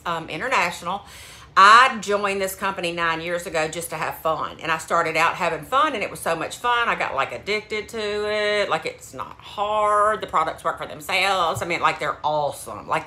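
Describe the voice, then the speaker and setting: A woman's voice: lowish voice, bright, forceful tone. A woman selling beauty products, talking casually and upbeat to her phone camera at home. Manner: chatty, upbeat, says "like" often. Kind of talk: casual vlog.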